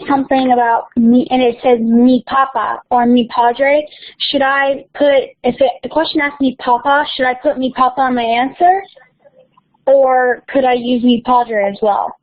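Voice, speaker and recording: A woman's voice: high-pitched, steady tone, unhurried, no room sound. A woman student in an online class, asking a question hesitantly and restarting it. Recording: dull dry lo-fi audio.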